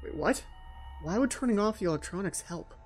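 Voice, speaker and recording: A man's voice: high-pitched, animated, a little fast, soft background music. A man hosting a let's play, giving jittery, frightened commentary on a horror game and talking to himself.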